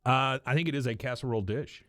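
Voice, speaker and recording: A man co-hosting a podcast, recapping an episode in a dry, deadpan way. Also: mid-range voice, fast, dry recording. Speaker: podcast co-host. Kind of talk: casual chat recapping an episode.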